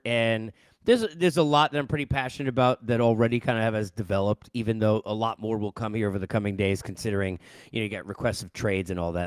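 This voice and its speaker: A man's voice: fairly low pitch, clean tone, no echo. A middle-aged man from New York, a sports host, ranting casually into a headset mic with exasperated rhetorical questions.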